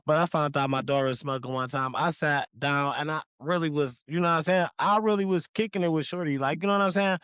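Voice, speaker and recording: A man's voice: fairly high pitch, quick pace, hardly any pauses, a bit bright, smooth, dry recording, clean studio sound. A man with a Detroit accent, co-hosting a casual podcast and telling stories in a laid-back way, swearing freely. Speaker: podcast co-host.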